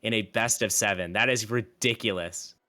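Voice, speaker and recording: Man, esports caster, low pitch, forceful bright tone, casual emphatic commentary. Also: moderate pace.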